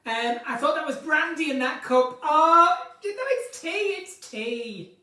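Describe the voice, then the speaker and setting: Chatty female live-stream host, higher voice, giggles a lot, echoey room and some distance from the mic. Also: animated, normal speed, pushed and bright. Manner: giggly, chatty, drifts between topics.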